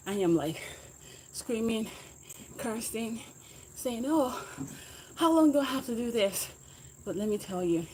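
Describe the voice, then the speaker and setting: A woman with a lowish, mellow voice livestreams as a fitness vlogger, talking while exercising on a bike, with a little hiss or hum in the audio. In casual chat with viewers, she's encouraging and motivational, cheering them on to keep going.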